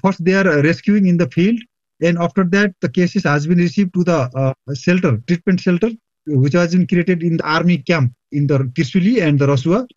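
Hospital chief from Nepal, halting phone interview, muffled dry sound. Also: male voice, fairly high pitch, a little mellow, no room sound. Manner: halting, many fillers. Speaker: hospital medical superintendent. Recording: dull lo-fi line, dry.

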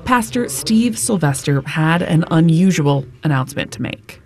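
A woman reporting as a news correspondent, reading a scripted report in a measured, even way. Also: low voice.

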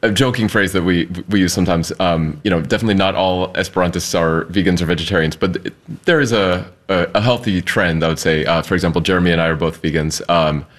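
Fast-talking man with a very deep voice. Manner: relaxed, with many fillers. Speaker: interview guest. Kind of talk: casual explanation.

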